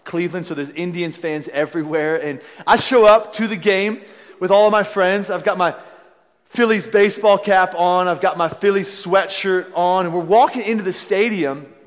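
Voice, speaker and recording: A young adult man from Philadelphia, preaching a sermon as a pastor and telling stories with animated voices. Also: high-pitched, normal speed. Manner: storytelling, animated, acts out voices, self-deprecating laughs. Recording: long hall reverb.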